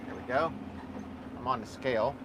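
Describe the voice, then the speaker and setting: A man's voice: medium pitch, moderate pace, bright, forceful tone. A man vlogging live from his dump truck cab, rambling and joking as he drives. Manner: rambling, jokey, easygoing, thinks aloud with fillers. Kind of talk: casual live vlog while driving. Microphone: small camera or phone mic in the cab. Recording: faint truck engine noise.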